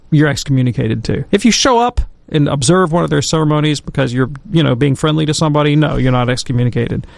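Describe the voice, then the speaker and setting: Gravelly chatty man on a talk show. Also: fairly high pitch, no echo. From Alabama, US. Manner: chatty, digressive, playful storytelling. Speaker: theologian answering listener questions. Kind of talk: casual radio talk.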